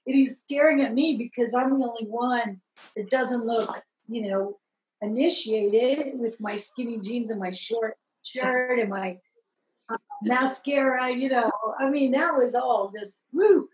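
A woman from Southern California telling her conversion story in a lively, expressive way, acting out the people she met. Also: fairly high pitch, unhurried, roomy sound, low-quality recording. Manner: lively, acts out voices in the story, rises to excited peaks. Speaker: guest telling her testimony. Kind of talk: animated personal storytelling.

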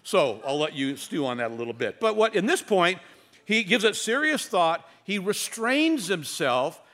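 A male pastor delivering an expository sermon. His pitch rises and falls widely as he reads and explains scripture. He slips in wry humor and leans on dramatic pauses. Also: big pitch swings, fairly bright tone.

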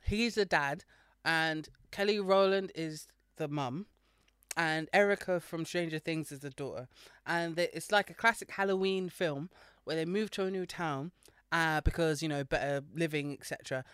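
Male podcast co-host, slightly high, smooth, dry close sound, animated storyteller. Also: moderate pace, no room sound. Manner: animated storyteller, acts out quotes. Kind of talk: casual chat.

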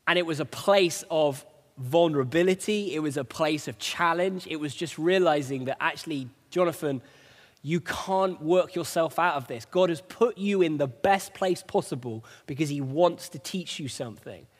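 In a large hall, a man with a fairly high voice speaks at a moderate pace. He is a preacher sharing his testimony, delivering a conversational sermon in an earnest way as he tells a personal story.

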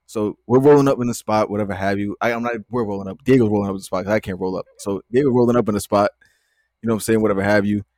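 A man's voice: fairly low pitch, steady tone, racing, darkish tone, no room sound, studio quality. A young man, co-hosting a podcast and telling a long casual story full of slang, laughing as he goes. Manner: laid-back, slangy, laughs through stories. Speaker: podcast co-host.

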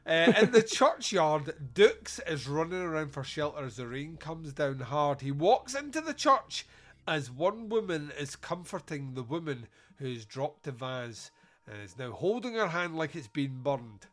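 A man's voice: a little high, big pitch swings, unhurried, fairly bright tone. Sweary, giggling man reviewing a movie. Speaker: podcast host. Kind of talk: casual comedic movie review.

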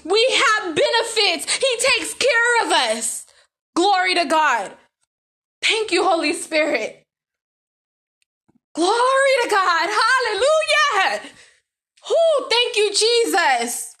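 A woman's voice: very high-pitched, animated, takes it slowly, pushed and bright. A woman giving an emotional religious testimony to her viewers, fervent and repeating praise phrases, her voice at times breaking with feeling. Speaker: vlogger giving a faith testimony.

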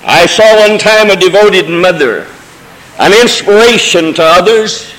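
A pastor delivers his sermon in a fairly high voice, drifting from easygoing asides into swelling, emotional cadences. His words ring out with the long reverb of a church sanctuary. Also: measured pace, fairly bright tone. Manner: preaching with folksy asides and rising emotional cadences. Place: church sanctuary during a service.

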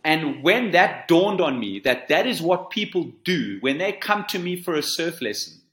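Guest: earnest man in his 40s, bright tone, slightly high, roomy echo on the mic. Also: very animated, normal speed. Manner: earnest, repeats words as he searches for them. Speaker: surf coach guest. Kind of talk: storytelling interview answer.

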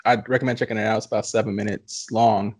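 A man co-hosting a podcast in casual chat, relaxed and laid-back. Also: fairly low pitch, fast talker, husky, no room sound, clean studio sound. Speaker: podcast co-host.

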